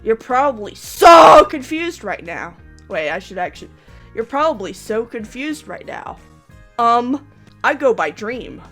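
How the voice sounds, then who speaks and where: A woman's voice: fairly high pitch, big pitch swings, a little slow, fairly bright tone, soft background music. Woman doing a cheery young male streamer. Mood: friendly.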